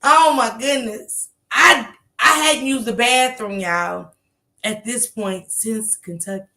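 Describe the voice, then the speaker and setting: Bright-voiced woman telling a wild story. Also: a little high, slow pace, vocal fry. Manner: animated, profane, laughs often, acts out others' lines. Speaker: livestream host telling a story. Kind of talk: casual storytelling to viewers.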